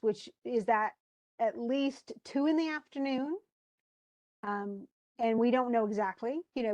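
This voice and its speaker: A woman's voice: a little high, darkish tone, dry recording. A woman teacher talking a class through a play in casual, chatty explanations.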